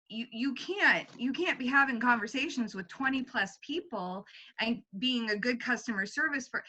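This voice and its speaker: Bright-voiced chatty woman on a call. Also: mid-range voice, dull audio. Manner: chatty, animated, laughs often. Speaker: team leader in a book club call. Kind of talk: casual group discussion.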